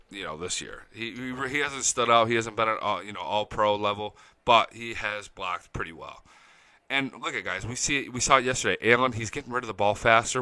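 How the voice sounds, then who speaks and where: A young man hosting a casual live-stream fan chat, excitable and profane, reading viewer comments aloud. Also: on the low side, no echo. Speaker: fan show host.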